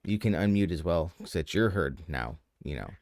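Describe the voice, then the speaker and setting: Low-voiced man running a game stream. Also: expressive, normal speed, darkish tone, no echo. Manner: chatty, rambling, teasing players with casual swearing. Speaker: game master. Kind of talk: casual streamed tabletop game narration. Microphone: headset.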